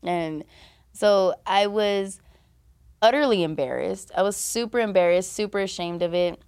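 This is a young woman speaking as a guest on a podcast, telling her own story. She talks bluntly and swears freely, and "like" runs all through her casual speech. Her voice sits at a middle pitch. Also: unhurried, darkish tone, clear, resonant tone. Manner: blunt and profane, heavy use of "like". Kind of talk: candid personal storytelling.

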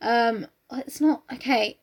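High-voiced young woman chatting. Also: slow pace. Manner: chatty, swears, jokey asides. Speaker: podcast co-host. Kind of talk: casual chat recapping a novel.

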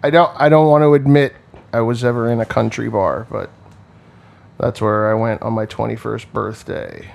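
A man's voice: mid-range voice, moderate pace, creaky, a little mellow. A man in his forties, rambling and wisecracking with lots of swearing in casual chat.

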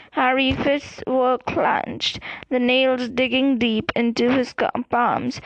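A woman reading a novel aloud as an audiobook reader, in even storytelling narration with small slips. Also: high voice, slow, dry recording, highs cut off.

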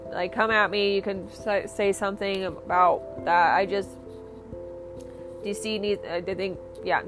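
A young woman hosting her own podcast, rambling and swearing through a casual, enthusiastic rant. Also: medium pitch. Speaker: podcast host.

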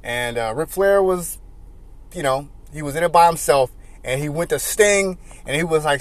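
A man hosting casual commentary and telling animated stories with frequent laughter. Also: on the high side, moderate pace, no room sound. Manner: animated storytelling, laughing often. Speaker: host.

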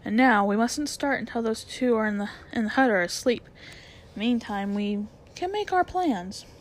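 A woman voicing a proud, bossy male talking war horse in a storybook read-aloud, brisk and commanding. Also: fairly high pitch, lively intonation, natural voice. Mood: scheming.

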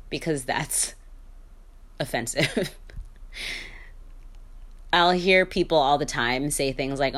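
This podcast host is a woman with a lowish voice who keeps a measured pace and leaves long pauses. Alone on the mic, she shares her opinions candidly, often using fillers, starting over and laughing a little.

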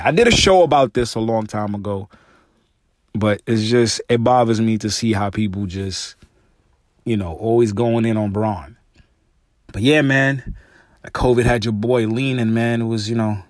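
A man's voice: on the low side, no echo, studio quality. A man hosting his own podcast alone, in loose casual speech full of "man" and "you know", getting heated and emphatic when he rants. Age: adult with young children. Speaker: podcast host. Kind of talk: casual solo podcast talk.

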